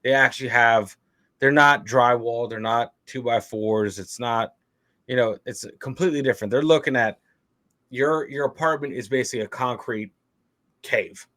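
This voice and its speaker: A man co-hosts a podcast in casual chat at an average pitch, explaining things loosely and filling his sentences with "you know." His talk is relaxed and unpolished. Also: moderate pace. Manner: casual, explaining with many fillers. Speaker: podcast co-host.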